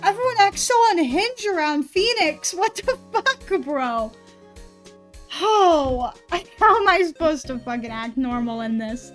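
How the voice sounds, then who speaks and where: An excitable young woman streaming a game, chatting to her viewers in a high voice, cursing and laughing freely. Faint game music runs quietly under her talk. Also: unhurried. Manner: excitable, swearing, laughing often, talking to chat. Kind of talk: casual live-stream commentary.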